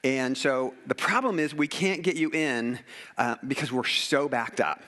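A man's voice: mid-range voice, unhurried, sharp tone. Earnest rambling middle-aged man. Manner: earnest, rambling, with many fillers and restarts. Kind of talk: casual heartfelt storytelling.

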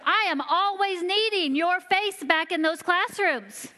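High-pitched woman giving a heartfelt sermon, slows down to stress things, echoey church. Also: pushed and bright. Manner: earnest storytelling, slowing for emphasis. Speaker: church children's ministry leader. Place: church sanctuary. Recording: long reverb of a large hall.

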